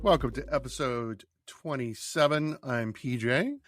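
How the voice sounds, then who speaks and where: A man's voice: mid-range voice, a little slow, a bit bright, faint music behind. A man co-hosting a board game podcast, chatting in an upbeat way and putting questions to a guest. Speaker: podcast co-host. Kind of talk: casual chat.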